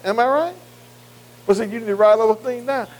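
A man's voice: very high-pitched, a little fast, low-quality recording. A man teaching a Bible class in sermon style, earnest and plain-spoken, asking his listeners to fill in words and checking with them again and again. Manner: call-and-response fill-in questions; repeated "am I right?" checks with listeners.

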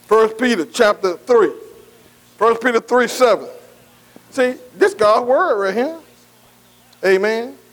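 A man's voice: very high voice, expressive, takes it slowly, pauses often, fairly bright tone, rough recording. A man preaching a sermon as pastor, in a call-and-response style that keeps quizzing the congregation and asking "amen". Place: church.

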